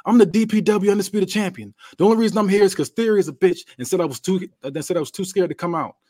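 A swaggering male wrestling champion, put on by a man throws boasts and insults at his rivals in quick succession. The delivery is fast and dry, close to the mic with no room around it. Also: medium pitch, a little mellow, no room sound, natural voice. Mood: yelling. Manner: cocky, boastful trash talk. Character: brash trash-talking male wrestling champion. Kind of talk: improvised wrestling promo.

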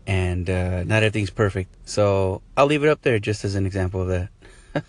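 Low-pitched and speaking at a moderate pace, a podcast host winds down his solo episode in a loose, rambling way, chuckling frequently and poking fun at himself. There's no room sound.

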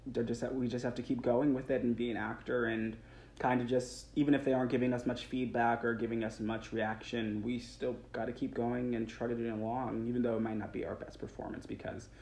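Young actor talking in a roomy space. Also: male voice, medium pitch, little pitch movement, fairly quick, a little mellow. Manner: earnest, rambling, frequent restarts and laughs. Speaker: stage actor guest. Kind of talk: casual interview chat. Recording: roomy sound with faint background noise.

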